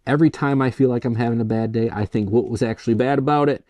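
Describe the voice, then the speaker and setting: A man's voice: medium pitch, fairly even intonation, quick pace, a little mellow, no room sound. A young man from Michigan hosting a casual solo beer review, rambling and self-deprecating, full of "like" and "kind of". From Michigan, USA. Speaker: beer reviewer, show host.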